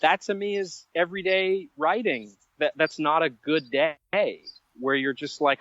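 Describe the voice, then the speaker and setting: A man telling stories as a podcast guest, animated and self-mocking, drifting into side stories. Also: fairly high pitch, measured pace, muffled recording. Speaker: guest writer. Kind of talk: conversational storytelling.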